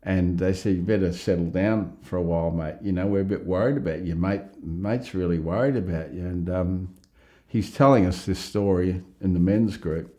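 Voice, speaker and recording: A middle-aged Australian man telling a rambling, lively story in a casual interview. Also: deep voice, moderate pace. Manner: rambling, animated, laughs at own story. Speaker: interviewee, psychiatric ward worker.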